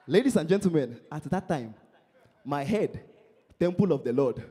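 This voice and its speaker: A young Nigerian comedian with a Nigerian accent works a live crowd, bantering and poking fun at people. His high voice swoops up and down constantly. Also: very animated, unhurried, pauses often, dark tone. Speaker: stand-up comedian.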